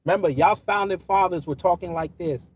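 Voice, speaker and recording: A man's voice: high-pitched, brisk, slightly rough. A man live-streaming from his car, answering his chat in a combative, sarcastic, mocking way. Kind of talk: live-stream commentary while driving. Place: inside a moving car. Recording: lo-fi phone audio with road noise.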